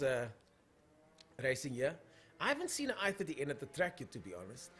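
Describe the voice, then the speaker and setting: A man's voice: mid-range voice, huge pitch swings, brisk, a bit bright, a little hiss or hum. A young man with a South African accent hosting a casual live stream of drag racing, calling the races and chatting through viewer comments.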